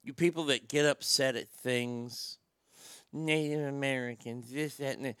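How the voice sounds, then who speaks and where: A man's voice: medium pitch, fairly even intonation, measured pace, fairly bright tone, clean tone, no room sound, studio quality. Blunt, ranting male talk host. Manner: blunt, profane, stammering restarts. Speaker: show host. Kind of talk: opinionated talk show rant.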